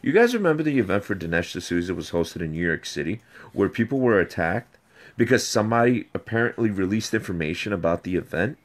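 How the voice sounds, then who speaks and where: A man with a fairly low voice tells a rambling personal story in a played clip. He gets animated and keeps circling back over the same points. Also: brisk. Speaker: video subject ranting about an ex.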